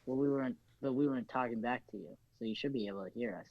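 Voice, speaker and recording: A man's voice: medium pitch, racing, dry recording, highs cut off. A man in an online class, patiently giving practical instructions. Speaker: class participant helping with tech.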